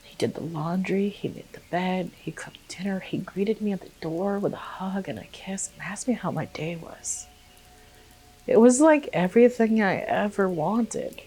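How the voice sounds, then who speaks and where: A young woman vlogger telling a personal story in a casual way, animated and swearing freely, acting out quotes. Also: mid-range voice, normal speed, slightly rough.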